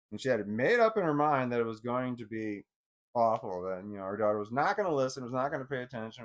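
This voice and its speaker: A man's voice: on the low side, lo-fi sound. Rambling, profane middle-aged man. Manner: rambling and profane, with many restarts. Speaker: vlogger. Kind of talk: casual personal storytelling.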